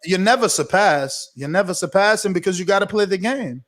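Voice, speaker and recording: High-voiced emphatic American man. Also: expressive, a little fast, a bit bright. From United States. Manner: emphatic, persuasive, rhetorical questions. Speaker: boxing podcast host, guest. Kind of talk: casual interview chat.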